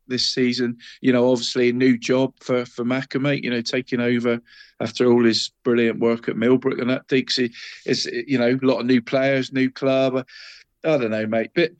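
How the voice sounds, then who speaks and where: A man's voice: mid-range voice, flat delivery, moderate pace. A man co-hosting a casual football podcast, chatty and calling his partner mate in every sentence. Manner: chatty, peppers talk with "mate" and the co-host's name. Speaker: co-host.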